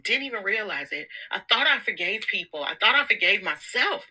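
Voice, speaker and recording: A woman's voice: medium pitch, lively intonation, fairly quick, bright, forceful tone, husky, rough recording. A woman vlogging a casual motivational talk, candid and slangy, laughing often and repeating words. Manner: slangy, informal. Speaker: self-help vlogger.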